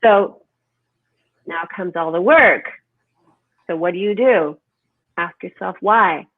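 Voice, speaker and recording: A woman speaking as a holistic health guest in an animated, emphatic conversational interview, often asking "right?". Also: on the low side, slow, dry recording. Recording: tinny phone-like line, dry.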